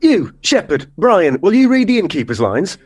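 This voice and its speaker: A man's voice: sits high, very animated, normal speed, darkish tone, breathy edge, heavily acted. A man playing a brusque middle-aged director running nativity auditions in a radio sitcom. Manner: brusque, dismissive. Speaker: show director. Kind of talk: comedy radio sitcom acting.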